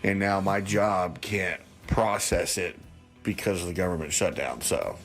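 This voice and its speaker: Deep-voiced frustrated radio caller man. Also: a little slow, a bit bright, soft background music. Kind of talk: call-in to talk radio.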